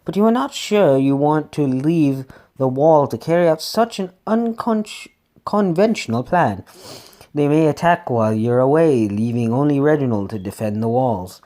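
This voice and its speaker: With a warm, mid-range voice that's animated yet a little slow, this man reads through a text adventure. He keeps tripping on the wording and fixing it, breaking off for jokes as he plays.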